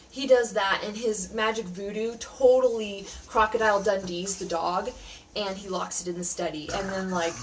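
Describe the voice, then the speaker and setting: A woman giving a casual, sarcastic spoken review of a TV show from home, talking in a chatty way full of "like". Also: medium pitch. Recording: distant from the mic, faint background noise.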